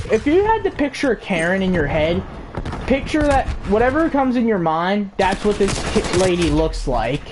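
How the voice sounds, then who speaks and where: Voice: medium pitch, darkish tone. A storyteller telling a story in a casual, rambling way, swearing and full of fillers.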